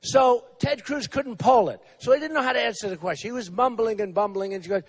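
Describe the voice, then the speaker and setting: A man's voice: high-pitched, fast, hardly any pauses. A man in his sixties giving a rambling, repetitive campaign rally speech, acting out quotes of others in a mocking tone. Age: 60s. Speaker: political candidate.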